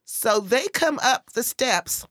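A woman tells a story in casual conversation, throwing her voice high for each quoted line. The sound is close and dry, with no room around it. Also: animated, slow, fairly bright tone, dry recording. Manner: acts out quoted voices with big pitch jumps. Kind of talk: casual chat, animated storytelling.

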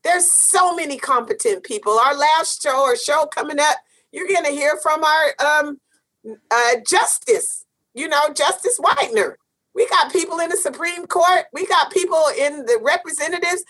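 A woman's voice: high-pitched, normal speed, a bit bright. A woman co-hosting a casual talk show, speaking emphatically and sassily, repeating phrases for stress. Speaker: co-host. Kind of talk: casual chat.

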